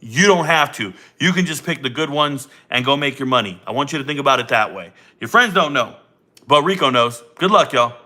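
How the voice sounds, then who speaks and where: A man's voice: expressive, fairly quick, bright, forceful tone. A man hosting a casual livestream, brash and joking, talking through his betting picks and teasing chat. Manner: brash, joking, jumps into high teasing voices. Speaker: sports betting streamer. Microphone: desk mic.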